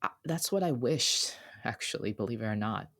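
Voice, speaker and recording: A man's voice: medium pitch, expressive, normal speed, creaky, a bit bright. A man co-hosting a podcast, talking in an earnest, heartfelt way, often restarting his sentences. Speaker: podcast co-host. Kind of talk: casual reflective podcast talk.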